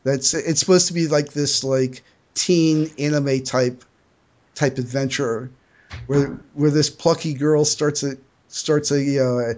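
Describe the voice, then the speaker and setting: A man on a group voice call talks in a hesitant, stammering way, tripping over and repeating his words. His voice sits on the higher side for a man, and he keeps going back to the point he is trying to make. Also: steady tone, slow, a little mellow. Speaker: fanfic writer. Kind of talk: casual group call chat.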